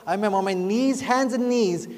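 A man's voice: high-pitched, brisk, a little mellow. A man preaching a sermon, telling his own story in an earnest, heartfelt way that rises into pleading. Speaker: pastor. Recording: long reverb, faint music behind.

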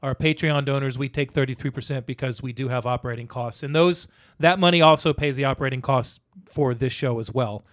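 A man's voice: medium pitch, brisk, hardly any pauses, a bit bright, dry recording, studio quality. A middle-aged man co-hosting a podcast, talking in a rambling, casual way with lots of restarts and fillers. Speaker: podcast co-host.

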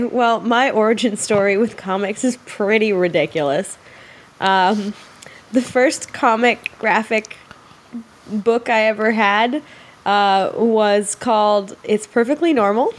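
A young woman chatting casually over a video call, telling stories playfully with frequent laughs. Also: fairly high pitch. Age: young adult. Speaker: podcast guest. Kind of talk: casual chat.

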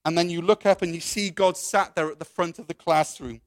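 A man delivers a sermon as a story told straight to the listener, then moves into prayer. His voice sits a little high. The sound is dry and close, with little room in it. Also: steady tone, brisk, no room sound. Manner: storytelling, second person, with soft quoted voices. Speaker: preacher.

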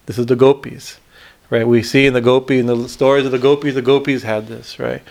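A man, a swami, teaching on a devotional hymn, with many restarts and frequent "right?" checks, reciting Sanskrit lines slowly. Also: medium pitch, level tone, vocal fry, darkish tone. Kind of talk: spiritual discourse on a hymn.

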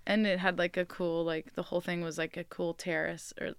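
A woman musician chatting in an interview, her voice smooth and very clear. She tells animated stories, laughs often, and sounds close to the mic in a dry space. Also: on the low side, a little fast, no room sound. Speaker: musician guest. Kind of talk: casual interview chat.

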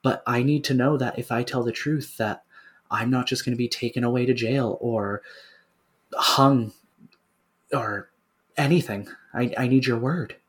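Earnest, husky-voiced male player. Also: medium pitch, fairly even intonation, a little slow, pauses often. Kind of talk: playing a character in a tabletop game.

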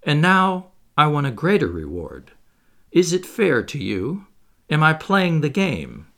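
A man reading aloud, voicing a proud, restrained former butler who speaks gravely and searches his own feelings. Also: on the high side, wildly swooping pitch, fairly bright tone, voice pushed up, heavily acted. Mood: earnest. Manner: grave, measured, self-searching.

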